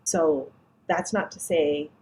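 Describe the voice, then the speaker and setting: A woman guest, a diabetes educator, telling a story in an animated way, acting out the lines of each person and often laughing. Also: low voice, slow, a little hiss or hum, poor audio. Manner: expressive, acts out dialogue, laughs often.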